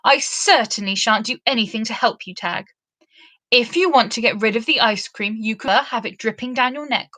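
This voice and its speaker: A woman's voice: on the high side, normal speed, bright, forceful tone. A woman voicing a stern, disdainful old wise woman in a storybook reading, prim and scolding. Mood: disgusted.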